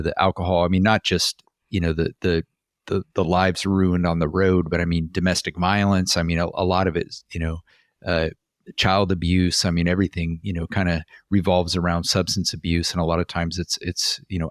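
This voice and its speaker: A man's voice: sits low, little pitch movement, moderate pace, dry recording, clean studio sound. A man co-hosting a podcast, a former police officer telling stories in a chatty way with many fillers and restarts. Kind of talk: casual podcast chat.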